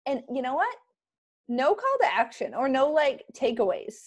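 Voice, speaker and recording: Excitable chatty woman coaching her team. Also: high-pitched. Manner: chatty, excitable, quick asides and laughs. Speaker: team coach leading a group call. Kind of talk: casual motivational team call.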